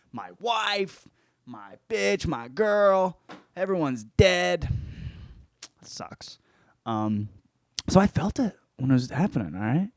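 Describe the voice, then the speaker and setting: A man's voice: mid-range voice, dry recording, studio quality. A man hosting a casual comic book review, talking in a profane, rambling way. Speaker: host.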